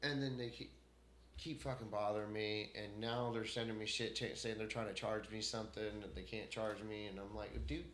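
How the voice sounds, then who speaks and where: A man ranting to camera in an unscripted solo vlog, profane and heated, swinging between loud outbursts and muttering. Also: lowish voice, flat delivery, normal speed, a little hiss or hum. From United States. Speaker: vlogger. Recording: echoey room.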